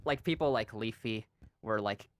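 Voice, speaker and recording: A man's voice: fairly low pitch, normal speed, no echo. A man speaking hesitantly in a casual interview, filling gaps with "like". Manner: hesitant, many likes.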